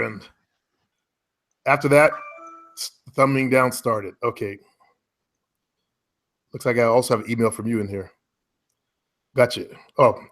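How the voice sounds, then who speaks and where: Relaxed man chatting on a call. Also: mid-range voice, measured pace, pauses often. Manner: relaxed, rambling, self-correcting. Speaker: online marketing coach. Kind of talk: casual call with a client. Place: at home.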